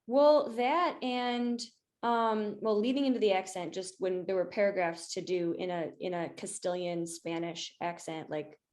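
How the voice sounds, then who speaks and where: A woman's voice: mid-range voice, unhurried, a little mellow. A young adult woman, an actor, interviewing her coach in an enthusiastic, casual way with many fillers, over a video call.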